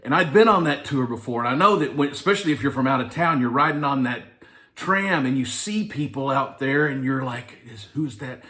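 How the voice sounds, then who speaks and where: A man's voice: mid-range voice, expressive, a little fast, sharp tone. Guy from arkansas telling a funny audition story, poking fun at himself. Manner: self-deprecating, wry. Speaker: actor. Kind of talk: anecdotal storytelling.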